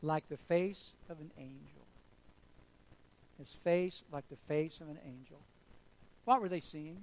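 Emphatic male pastor, higher voice. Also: a little slow, poor audio. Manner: emphatic, storytelling, repeating phrases for effect. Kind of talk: sermon.

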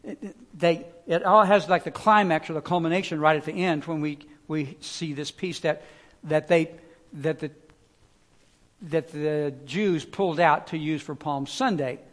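A man preaching a sermon, alternating loud pleading phrases with quiet, low emphasis, in a conversational way with fillers and restarts. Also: measured pace. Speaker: pastor.

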